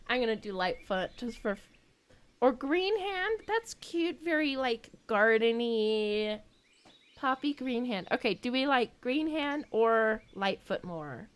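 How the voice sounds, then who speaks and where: A woman streaming a game, chatty and giggly, thinking out loud as she plays. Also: on the high side. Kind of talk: casual game reaction stream.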